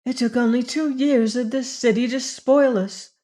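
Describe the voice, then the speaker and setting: A woman voicing a bitter, tearful young woman in an audiobook, her speech emotional and halting. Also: on the high side, steady tone, warm tone, voice pushed up, close to an everyday voice. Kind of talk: audiobook character voice.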